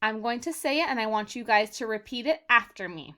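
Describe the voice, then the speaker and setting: A woman teacher leading a vocabulary lesson for young children, sounding out words slowly for them to repeat and calling them "my friends.". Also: on the high side, animated, a bit bright. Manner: slow, exaggerated word modeling for repetition; encouraging, addresses children as "my friends".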